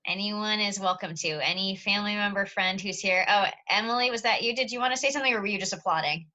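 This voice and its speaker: Casting: cheerful woman teacher, bright tone, hosting over a video call. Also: medium pitch, fast talker, dull audio. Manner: friendly, encouraging, light joking. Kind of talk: casual chat.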